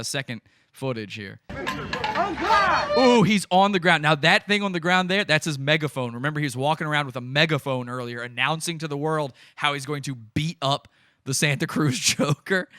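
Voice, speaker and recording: A man with a bright, forceful voice that sits a little high for a man hosts a podcast. He gives gleeful, mocking play-by-play of stream footage and often laughs. The sound is dry and close. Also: dry recording. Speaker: podcast host. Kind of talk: live commentary on stream footage.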